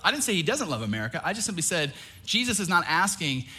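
Young guy preaching, bright punchy voice, a bit high, plays out the story voices. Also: fast, breathy edge. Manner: animated, acts out quoted voices, jokes with the crowd. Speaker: pastor. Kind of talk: sermon.

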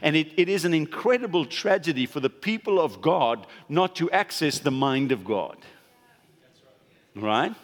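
A man pastor giving a conversational sermon, leaning hard on stressed words for emphasis. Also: fairly high pitch. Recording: long hall reverb.

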